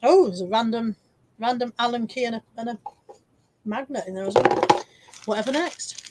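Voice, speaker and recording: A woman's voice: fairly high pitch, heavy background noise. Chatty woman on a live stream. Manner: chatty, self-mocking, quick asides to viewers. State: hiccuping. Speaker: live stream host reselling car boot finds. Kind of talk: casual live stream chat reading viewer comments.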